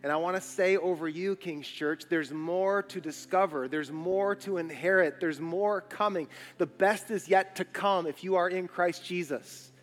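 A man's voice: high-pitched, a little slow, few pauses, long reverb tail. A man pastor preaching a sermon to his church, building intensity with emphatic repetition. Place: church sanctuary.

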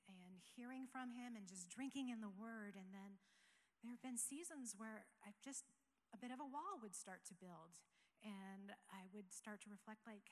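Earnest woman pastor in a reverberant hall. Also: mid-range voice. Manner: earnest, conversational, with soft laughs. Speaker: operations pastor. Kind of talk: church testimony talk. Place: church sanctuary.

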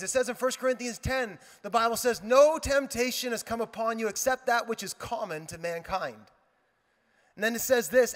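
A male pastor preaches a sermon in a high, bright voice. His words ring out with a long hall reverb. He slips into storytelling, acting out quoted lines and tossing in playful asides.

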